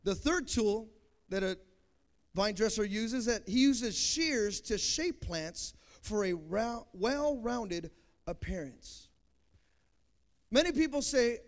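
A young man preaching a sermon as a pastor, swinging from loud emphatic peaks to quiet conversational asides. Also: high-pitched, expressive, takes it slowly. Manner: preaching, rising to loud emphatic peaks then dropping soft.

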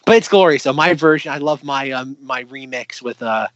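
A man's voice: medium pitch, moderate pace, a bit bright, no echo, lo-fi sound. A man co-hosting a podcast in playful casual chat, swearing casually. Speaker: podcast co-host.

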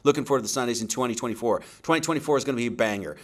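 A man's voice: medium pitch, racing, fairly bright tone. A man hosting an online religious service, giving informal closing thanks and announcements in a loose, rambling way.

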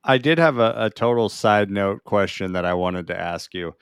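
A man's voice: on the low side, moderate pace, clear, resonant tone, no echo, clean studio sound. A man co-hosting a podcast, chatting casually about movies, laughing often and leaning on "like". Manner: relaxed, laughs often, hedges with "like". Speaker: podcast co-host.

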